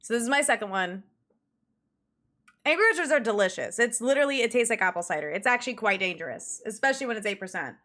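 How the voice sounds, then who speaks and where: A woman's voice: a little high, lively intonation, quick pace, pushed and bright. A young woman streaming, chatting casually and rambling through a story with lots of fillers and giggles. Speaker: livestreamer. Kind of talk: casual livestream chat with viewers.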